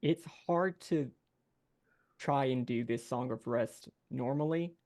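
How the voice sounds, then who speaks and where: A man narrating as game master in a rambling, halting way with many fillers. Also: mid-range voice, darkish tone.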